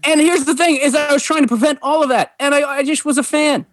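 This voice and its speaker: A man's voice: very high-pitched, fast. A man in his forties telling a long funny story as a podcast guest, laughing often and stumbling over his words. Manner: lively, laughs often, repeats and restarts. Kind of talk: animated storytelling.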